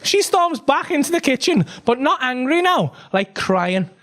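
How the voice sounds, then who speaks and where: A man, telling an animated, sweary stand-up story on a comedy club stage, tagging lines with "right?". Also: extremely high pitch, unhurried, noisy background.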